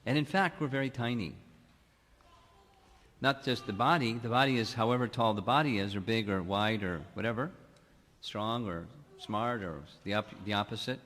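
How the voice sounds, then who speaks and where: A man giving a devotional lecture as a monk, speaking slowly and deliberately with long pauses between phrases. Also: lowish voice, a bit bright. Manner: slow, measured, with long pauses. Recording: long hall reverb.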